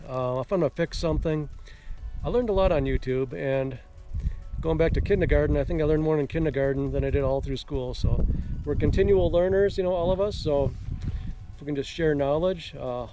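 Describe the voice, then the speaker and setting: A man's voice: fairly high pitch, brisk, mellow, soft background music. Folksy rambling man with mixed Minnesota-Georgia accent. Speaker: vlogger. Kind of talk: casual vlog chat. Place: outdoors on a desert ranch.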